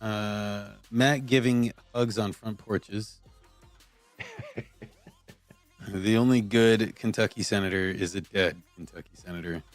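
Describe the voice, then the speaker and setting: A man co-hosting a podcast who reads out items in a deadpan way. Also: lowish voice, slow, faint music behind. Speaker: podcast co-host reading listener titles. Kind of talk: casual banter.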